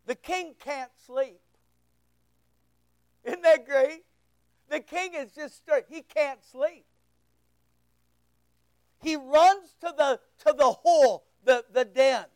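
A preacher giving an impassioned, emphatic sermon that swings between loud outbursts and hushed asides. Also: high voice, takes it slowly, long pauses, no room sound.

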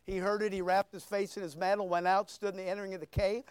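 Older male pastor, high clear voice, emphatic repeats, wide loud-to-soft swings. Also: little pitch movement, fast, dry recording. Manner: swings from loud shouting to near-whispers. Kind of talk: sermon.

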